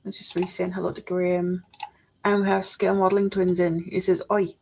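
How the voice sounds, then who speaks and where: A woman's voice: on the low side, level tone, fairly quick, gravelly, darkish tone, husky. A woman chatting casually on a live stream, reading out chat messages while she builds a model kit at her desk.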